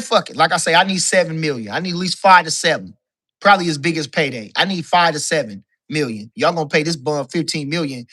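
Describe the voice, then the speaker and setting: A man's voice: fairly high pitch, sharp tone. A man calling in as a guest to a boxing talk show, ranting in casual, profane talk and hammering the same points again and again. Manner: profane, emphatic, repeats his points. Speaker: guest caller, boxing commentator.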